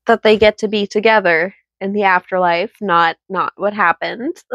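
A hoarse woman reading a ghost story aloud, then chatting about it with playful, wry asides. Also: medium pitch, no echo. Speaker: book read-aloud host.

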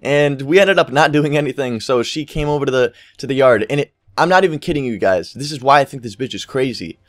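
A man's voice: medium pitch, lively intonation, a little fast, dry recording, clean studio sound. A young man telling a rambling story over gameplay, swearing freely and acting out what people said. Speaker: gaming commentary YouTuber.

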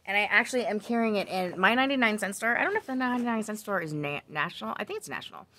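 Sing-song and sharp, her medium-pitched voice comes out rapid-fire as she chats about her crochet projects in a vlog. She rambles casually, drifting off on tangents, saying um and correcting herself.

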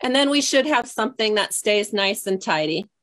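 A woman's voice: medium pitch, lively intonation, moderate pace, fairly bright tone. Chatty woman demonstrating a craft project. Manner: chatty, scattered, loses her train of thought. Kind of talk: casual craft tutorial.

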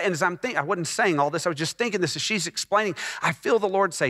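Middle-aged guy from texas preaching his own story, bright voice, big church reverb. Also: high-pitched, fast, few pauses. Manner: emotional personal testimony, rising to fervent peaks. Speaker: pastor. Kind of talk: sermon storytelling. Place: church sanctuary.

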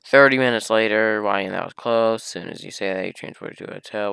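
A man's voice: on the low side, fairly quick, creaky, bright, forceful tone, clean tone, no echo. A man reading a fan fiction aloud for comedy, breaking in with exasperated, sarcastic commentary and swearing.

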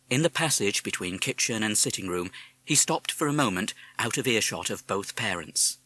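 A man narrating a children's storybook audiobook in an animated, expressive way. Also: on the low side, moderate pace, no echo.

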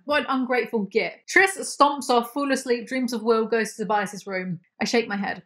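A woman's voice: a little high, normal speed, few pauses, fairly bright tone. A young British woman with a sarcastic, joking manner, recapping a novel aloud and mocking it with swears and asides. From United Kingdom. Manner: sarcastic, swears, mock voices and laughs. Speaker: book review YouTuber. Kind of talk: comedic book recap, reading aloud.

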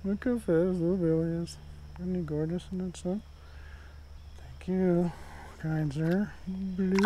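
A man films his own fishing trip outdoors at a creek, chatting in an unhurried, drawn-out way. He coos gently at every fish he pulls in. Faint outdoor sounds sit behind his voice. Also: sits high, little pitch movement, slight background noise. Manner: talks softly and fondly to the fish he catches. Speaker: fishing vlogger. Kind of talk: casual outdoor fishing vlog.

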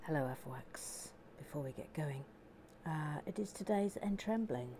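A woman's voice: deep voice, expressive, normal speed, noisy background. A woman hosting a casual building vlog, chatty and self-deprecating, with frequent stammers. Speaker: host.

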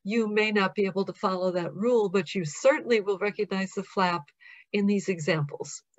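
American woman giving a measured lecture. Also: medium pitch, muffled recording. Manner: measured, explanatory, reads out word examples slowly. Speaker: professor presenting. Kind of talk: recorded academic lecture.

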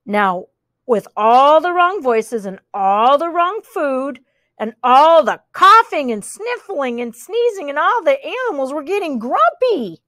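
A woman reads a children's picture book aloud, playful and animated, pausing to comment on the pictures. Her voice is high and swoops lively up and down at an unhurried pace, recorded dry and close. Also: no echo. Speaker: storyteller reading aloud.

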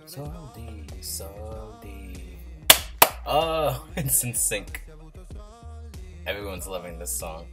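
A man hosting a reaction video, chatting casually and gushing with excitement as he watches. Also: low-pitched, takes it slowly, long pauses. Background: music playing from the video.

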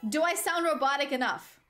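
A woman's voice: sits high, normal speed, fairly bright tone, soft background music. A woman giving casual gameplay commentary as a streamer, rambling, correcting herself and talking to her chat. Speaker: gaming streamer.

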